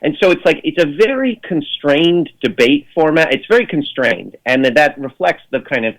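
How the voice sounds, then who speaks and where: A man's voice: on the high side, lively intonation, normal speed, low-quality recording. A man speaking as a radio guest in a casual, rambling way, full of fillers and restarts, with sardonic jokes. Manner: sardonic jokes in mock voices. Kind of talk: casual radio interview chat.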